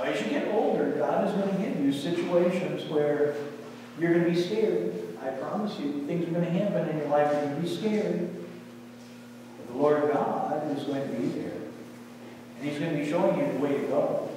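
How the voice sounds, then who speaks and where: A man's voice: a little high, moderate pace. A man giving a children's sermon, questioning the children and answering them himself, then closing in prayer. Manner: closes in prayer. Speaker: pastor. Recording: echoey church hall from far off with noise.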